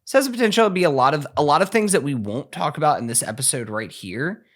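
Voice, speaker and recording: A man's voice: a little high, expressive, fast talker. A man co-hosting a podcast, chatting in an upbeat, talkative way. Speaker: podcast co-host. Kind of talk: casual chat.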